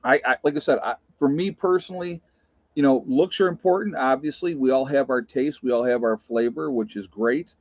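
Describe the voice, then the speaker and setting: A man's voice: medium pitch, brisk. A man hosting a casual live stream, talking bluntly and telling stories to his chat. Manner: blunt, plain-spoken storyteller. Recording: dull lo-fi sound.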